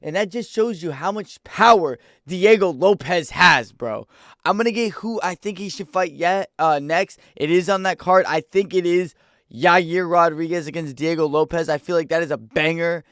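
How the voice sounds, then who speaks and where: A young man giving a casual, excitable fight reaction, rambling in slang. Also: fairly high pitch, normal speed, dry recording, studio quality. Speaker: MMA reaction YouTuber.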